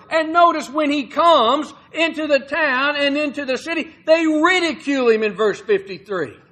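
A man's voice: extremely high pitch, a bit bright, poor audio. A man preaching a sermon, calling his listeners "my friend" and acting out scripture quotes.

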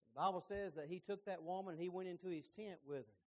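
A middle-aged man preaching a sermon, telling the story with lively emphasis and folksy asides. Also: high-pitched, fast, hardly any pauses.

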